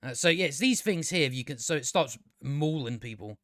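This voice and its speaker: A man's voice: medium pitch, animated, brisk, a bit bright, no echo, studio quality. A man giving a casual, exasperated review, swearing freely and restarting his sentences with stammers. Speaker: show reviewer. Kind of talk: casual ranting review commentary.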